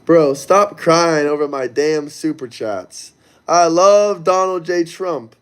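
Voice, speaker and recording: A man with a high-pitched voice hosts a casual livestream. He talks loosely and crudely, speaking directly to the people in his chat and reading their messages out. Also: slow, clean tone.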